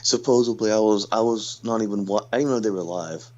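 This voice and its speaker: A man's voice: fairly low pitch, quick pace, darkish tone. A man calling in to a talk show, joking and swearing casually. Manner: joking, profane. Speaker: caller. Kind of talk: casual call-in chat. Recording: muffled call line.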